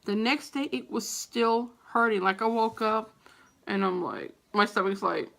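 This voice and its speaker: A middle-aged woman vlogger telling a story to camera in a casual, animated, profane way, with a gravelly voice. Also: mid-range voice, a little slow.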